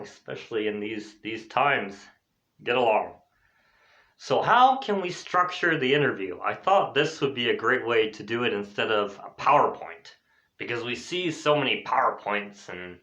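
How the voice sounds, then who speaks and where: A man teaching an English class in a lively, chatty way, explaining a role-play exercise and voicing the example phrases at a higher pitch. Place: lives in Spain. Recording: dull lo-fi recording.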